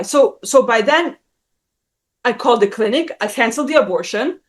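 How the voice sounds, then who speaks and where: A woman in her thirties telling a personal story in casual conversation, blunt and animated, swearing often and acting out the people she quotes. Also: normal speed. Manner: acts out quoted voices with big pitch jumps. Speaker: guest. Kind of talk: casual chat.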